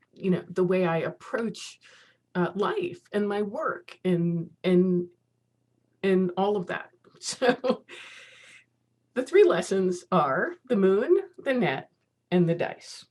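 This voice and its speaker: A woman's voice: mid-range voice, darkish tone. A woman in her fifties giving a casual keynote talk over a video call, chatty and laughing often at herself. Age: 50s. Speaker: keynote speaker.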